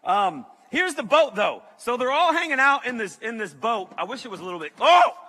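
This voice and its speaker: A man giving an animated, joking sermon as a youth pastor to a large audience. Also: extremely high pitch, a little fast. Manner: animated, joking, talks to the crowd. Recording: long hall reverb.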